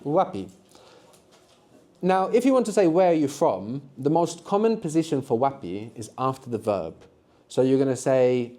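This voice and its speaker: Mellow-voiced man teaching a language class. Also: medium pitch, lively intonation, normal speed. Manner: patient, explanatory, prompting students to answer. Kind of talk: live classroom workshop teaching.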